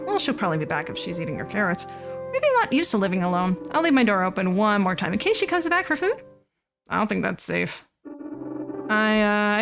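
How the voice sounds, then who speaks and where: Lively woman streamer chatting over a game. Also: mid-range voice, gravelly. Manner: chatty, reading game text aloud. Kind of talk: casual game playthrough commentary.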